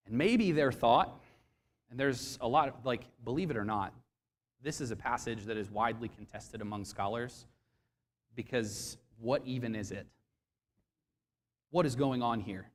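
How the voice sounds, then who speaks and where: A man preaching a sermon to a congregation, expressive and questioning, acting out quoted voices as he goes. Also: mid-range voice, measured pace, pauses often, in a large hall. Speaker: pastor. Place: church sanctuary.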